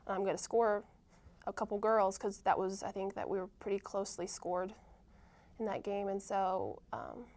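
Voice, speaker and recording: A young woman of college age talks through her answers in a plain, mid-pitched voice. She hesitates often, filling gaps with ums and restarting her sentences. It sounds like a relaxed, casual interview. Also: moderate pace. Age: young adult. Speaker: college softball player, guest.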